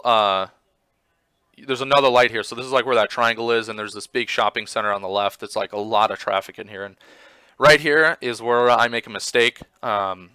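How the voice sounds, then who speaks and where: A man casually commenting on his own motorcycle footage, rambling with lots of fillers and getting excited as he retells it. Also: mid-range voice, clean tone, dry recording. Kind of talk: casual commentary over video.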